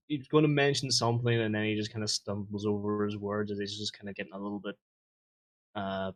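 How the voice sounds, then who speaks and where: A man's voice: fairly low pitch, rough recording. Casual male game master. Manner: casual, rambling, many fillers. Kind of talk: narrating a tabletop game.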